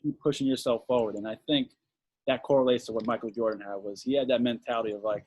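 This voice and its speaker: A man co-hosting a podcast, with a husky voice at a middle pitch. He talks in a relaxed, rambling way and often restarts his sentences. The sound is close and dry. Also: fast talker, dry recording. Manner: relaxed, rambling, repeats words when starting a thought. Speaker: podcast co-host. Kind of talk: casual podcast chat.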